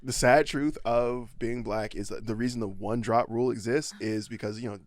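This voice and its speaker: A man talking casually on a podcast in a studio, laid-back with lots of fillers, getting animated when he jokes. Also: medium pitch, normal speed, no room sound. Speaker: podcast host. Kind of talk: casual chat.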